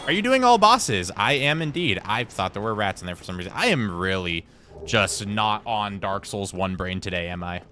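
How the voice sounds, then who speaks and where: This gaming livestreamer is a young man with a fairly low, animated voice, pushed and bright, at a moderate pace, with slight background noise. While streaming a game he jokes at his own expense with his chat and explains boss tactics one step at a time, keeping the chatter casual.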